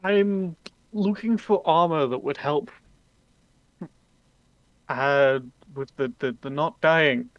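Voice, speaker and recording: A man's voice: on the high side, slow pace, pauses often, no echo, dull audio. A man voicing a small, timid male rat-folk adventurer who speaks hesitantly.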